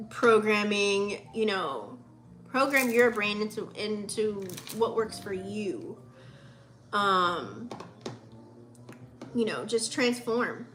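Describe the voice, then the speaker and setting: Bright, profane motivational woman vlogger. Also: medium pitch, slight background noise. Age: 30s. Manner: casual, profane, heartfelt pep talk with many fillers. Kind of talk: motivational spiritual vlog talk.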